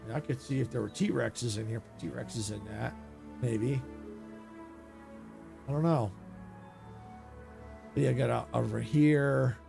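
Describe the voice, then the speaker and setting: Man, gaming streamer, casual live commentary, gravelly voice, faint music behind. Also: mid-range voice, unhurried, pauses often. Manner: casual, thinking aloud, excitable. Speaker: video game streamer.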